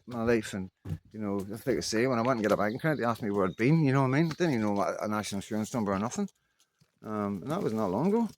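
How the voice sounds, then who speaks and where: A middle-aged man rambles casually in an unscripted vlog, leaning heavily on fillers like "you know what I mean." His voice is mid-range, and there's a little hiss or hum in the recording.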